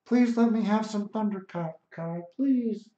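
A whiny, high-pitched pleading voice that a man puts on to mock an opponent. It sits far above his normal register and sounds dull and lo-fi. The room around it echoes. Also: a little slow, mellow.

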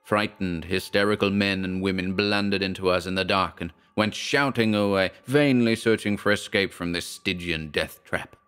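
Man, very deep voice, dramatic horror narration, measured, faint music behind. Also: a bit bright, clear, resonant tone. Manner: measured, dramatic first-person storytelling. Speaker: audiobook narrator.

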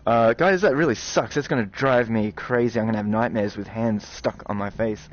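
A man hosting a gaming video, talking to his viewers in excited, animated commentary, quick to swear and exclaim. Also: lowish voice, slight background noise. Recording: slightly dull recording with game music.

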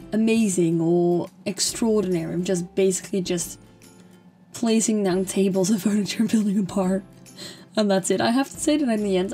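A young woman who hosts a gaming channel does a casual voice-over of a game build, rambling and chatting with plenty of fillers and restarts. Her medium-pitched voice is warm but slightly strained, and it fades at times.

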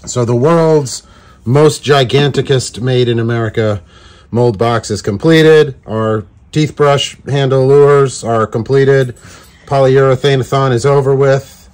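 A man with a medium-pitched, somewhat dark voice talks a little slowly as he hosts a laid-back DIY video on making fishing lures. He keeps joking around, tossing out goofy wordplay throughout the tutorial.

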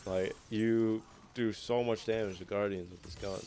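A man's voice: on the low side, fairly even intonation, moderate pace, darkish tone, slight background noise. A young man giving loose, profane commentary over his gameplay footage, rambling and easygoing. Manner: laid-back, rambling, heavy swearing. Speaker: gaming YouTuber.

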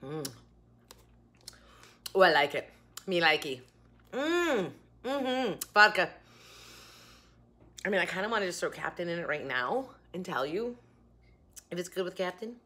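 Bright-voiced chatty young woman vlogger. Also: on the low side, very animated, a little slow, long pauses. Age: young adult. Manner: chatty, rambling, giggly asides. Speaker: food review vlogger. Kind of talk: casual chat. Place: home kitchen.

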